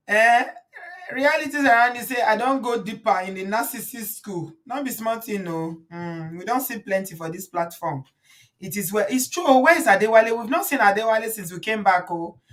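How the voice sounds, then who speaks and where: A woman's voice: a little high, fairly bright tone. A woman with a Nigerian accent hosting a casual livestream, chatty and preachy, often breaking into laughter. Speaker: livestream host. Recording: voice a bit far from the mic.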